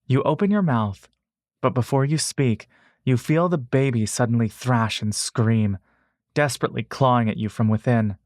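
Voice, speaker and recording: A man narrating a fantasy adventure story in the second person, in a measured, steady way. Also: mid-range voice, no echo, clean studio sound.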